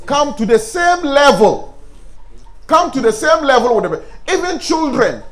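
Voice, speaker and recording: Male Islamic teacher, high lively voice, call-and-response lecturing. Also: measured pace. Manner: animated, asks the class questions and answers them himself. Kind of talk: classroom lecture.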